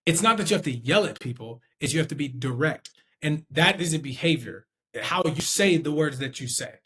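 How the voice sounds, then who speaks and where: A man with a voice pitched a little higher than most men, talking through sales skills in loose, unscripted instruction. He thinks aloud, restarts his sentences, and keeps checking in with the listener. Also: animated, fairly quick, fairly bright tone. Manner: conversational, checks in with "okay?" and "right?". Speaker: sales trainer.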